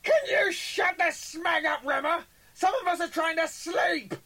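A man's voice: very high-pitched, measured pace, pushed and bright, no echo, pitched above the performer's own voice, exaggerated voice. A man voicing a spiteful male duplicate who sneers and screeches his lines at full volume. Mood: screeching.

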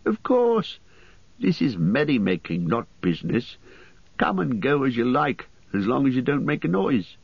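A man's voice: medium pitch, sing-song, measured pace, creaky, slightly rough, dry recording, heavily acted. A man doing an old, chatty hobbit poet. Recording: dry, slightly muffled studio audio.

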